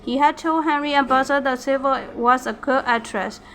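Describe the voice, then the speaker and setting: Bright-voiced woman reading a storybook. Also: high-pitched, a little hiss or hum. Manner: halting, with slips and restarts. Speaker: reader. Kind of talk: reading a graded storybook aloud.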